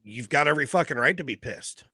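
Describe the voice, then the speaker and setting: A man's voice: medium pitch, lively intonation, fast talker, sharp tone, slightly rough, dry recording. A man co-hosting a podcast, giving short laid-back replies in casual chat. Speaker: podcast co-host.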